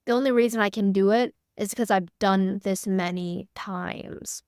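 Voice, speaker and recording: A woman's voice: medium pitch, steady tone, unhurried, a little mellow, smooth, dry recording, clean studio sound. A young woman hosting an online workshop for creators, talking in a candid, chatty way with lots of "like" fillers. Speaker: workshop host. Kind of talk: casual workshop talk.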